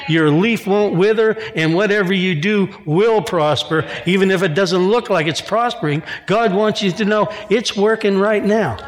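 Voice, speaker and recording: A man's voice: a little high, long reverb tail. A man preaching a sermon in a church, reading scripture and mixing in casual asides and jokes. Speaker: pastor.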